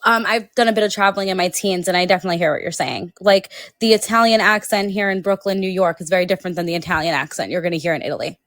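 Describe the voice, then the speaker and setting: A woman's voice: lowish voice, racing, few pauses, a bit bright, dry recording. A woman in her thirties, an author being interviewed, talks in a chatty, laughing way and acts out quotes. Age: 30s. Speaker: author guest. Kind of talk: casual interview chat.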